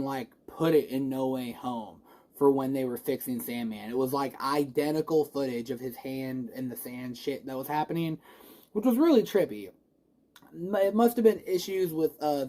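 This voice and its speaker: A movie reviewer in a casual spoiler review vlog who says they are a little stoned. They ramble and gush, swear freely and restart sentences often. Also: mid-range voice. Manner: rambling, gushing, swears a lot; excitable, emotional, restarts often.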